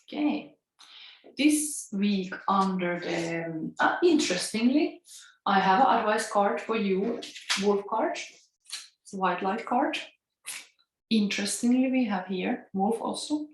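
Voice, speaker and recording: A woman's voice: mid-range voice, animated, unhurried. A chatty woman from Finland whose Finnish accent carries an Italian lilt. She muses her way through a casual tarot reading. Her mid-range voice rings with echo from the room. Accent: Finnish with Italian tinge. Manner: musing, chatty, laughs often. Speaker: tarot reader. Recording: echoey room.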